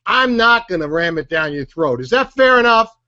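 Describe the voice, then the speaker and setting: A man leading a sales training session, energetic and joking, driving his points home with "okay?" and "right?". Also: sits high, moderate pace, lo-fi sound. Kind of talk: live sales training talk.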